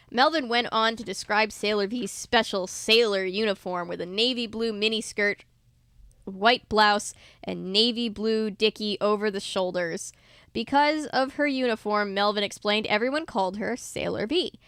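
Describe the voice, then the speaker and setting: A woman's voice: mid-range voice, normal speed, smooth, no echo, clean studio sound. A woman reading a manga adaptation aloud in a casual, playful way, adding her own asides and laughing between passages. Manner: playful, laughs between lines, animated quoted voices.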